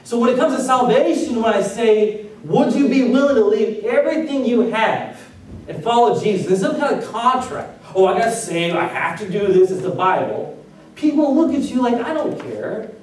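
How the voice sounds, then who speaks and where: A man preaches a relaxed, joking sermon in a church sanctuary, asking the congregation questions along the way. His very high, expressive, slightly mellow voice moves at normal speed, recorded from far off in an echoey hall with a little hiss or hum.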